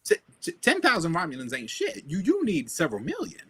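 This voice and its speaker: A man co-hosting a podcast in casual chat, blunt and animated, laughing at his own jokes. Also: high voice, brisk, slightly rough. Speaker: podcast co-host.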